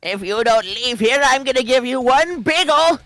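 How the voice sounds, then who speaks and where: A man voicing a grumpy old grandpa who shoos young people off his lawn, speaking slowly and crankily. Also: very high-pitched, animated, fairly bright tone, faint music behind, pitched above the performer's own voice. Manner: slow, cranky, drawn-out.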